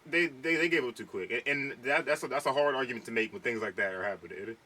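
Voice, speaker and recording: A young man co-hosts a casual podcast chat, talking at length and restarting his sentences as he makes his case. His voice is bright and forward. He sits a little away from the mic. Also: mid-range voice, quick pace, far from the mic, rough recording. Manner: talks at length, restarts sentences, argues a point. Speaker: podcast co-host.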